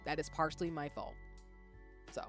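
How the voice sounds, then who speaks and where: A woman's voice: sits low, level tone, moderate pace, faint music behind. A woman streamer chatting casually with viewers, rambling and laughing often as she reads the chat aloud. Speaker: live streamer.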